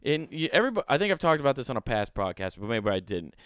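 A man's voice: medium pitch, big pitch swings, fast, fairly bright tone, smooth, no room sound, clean studio sound. A man hosting a podcast, reading news articles aloud and riffing on them in a rambling, profane, joking way. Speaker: podcast host.

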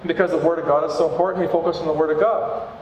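A man's voice: a little high, fairly even intonation, very fast, darkish tone, a little hiss or hum. Man preaching in an echoey church. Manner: conversational, earnest preaching. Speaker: pastor. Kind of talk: sermon. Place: church hall. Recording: echoey hall with room ambience.

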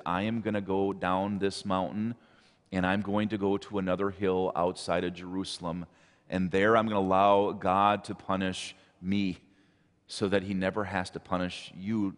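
A man's voice: low voice, level tone, moderate pace, long reverb tail. A man preaching a sermon, earnestly repeating his exhortations. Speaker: pastor.

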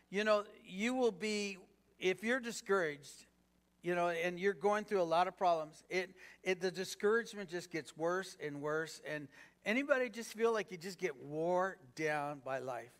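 Preaching in a conversational style, a man with a strikingly high, somewhat bright voice moves at a moderate pace. Rhetorical questions go out to the congregation, and "you know" keeps popping up between his thoughts.

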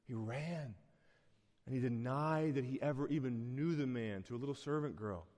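A man preaching a sermon in a conversational, earnest manner, building to loud, high bursts of emphasis. His voice sits at a middle pitch and carries a long hall echo, as if heard in a large church sanctuary. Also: a little fast. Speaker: pastor.

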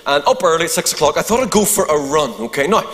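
A man with a Northern Irish accent, a pastor telling a funny story to a congregation in an animated, joking way. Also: a little high, fast, big-room sound. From Northern Ireland. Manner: animated, humorous anecdote with asides to the crowd. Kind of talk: sermon storytelling.

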